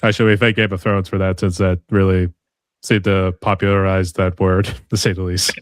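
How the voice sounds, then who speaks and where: Deep-voiced guy hosting his podcast, super laid back, dry sound, keeps saying that whole deal. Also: level tone, moderate pace, dry recording. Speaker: podcast host. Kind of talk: casual interview chat.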